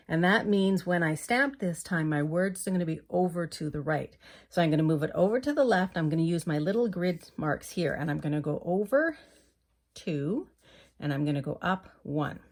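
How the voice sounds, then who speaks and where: A woman from Canada talking through a paper crafting tutorial step by step, explaining each move as she works. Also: lowish voice.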